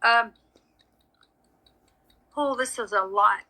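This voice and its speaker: A woman's voice: fairly high pitch, drawn-out words, pushed and bright, rough recording. A woman giving a live psychic reading, chatty and frank with frequent apologies. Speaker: psychic medium. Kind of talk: live social media reading.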